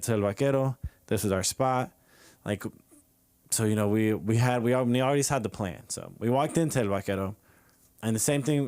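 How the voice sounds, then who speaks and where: A young stand-up comedian at a comedy club open mic tells a rambling story packed with fillers, chuckling at his own lines. His voice is lowish with a darkish tone.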